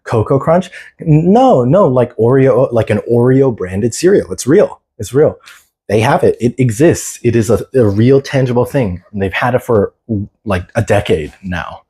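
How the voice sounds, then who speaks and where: A man's voice: mid-range voice, lively intonation, unhurried, dark tone, husky. A man chatting casually on a phone livestream, laid-back and slangy, answering viewers' chat. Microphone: phone camera.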